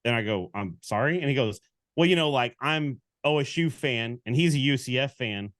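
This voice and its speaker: A man co-hosting a casual sports podcast, telling stories with lively quoted back-and-forth. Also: medium pitch, normal speed, no echo, studio quality. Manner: animated storyteller, acts out quoted exchanges. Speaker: podcast co-host.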